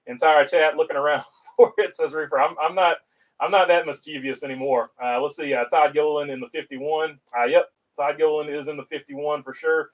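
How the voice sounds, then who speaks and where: A man's voice: fairly high pitch, fairly even intonation, fairly quick, distant mic, rough recording. A man with a North Carolina Southern accent hosting a casual livestream, reading viewer chat aloud and rambling with lots of filler uhs.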